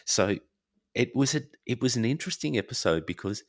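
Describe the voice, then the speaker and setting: A man's voice: medium pitch, brisk, no room sound, studio quality. A man from Australia, a podcast guest talking casually and acting out other people's reactions with energy. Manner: animated, acts out quoted reactions. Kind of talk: casual conversation.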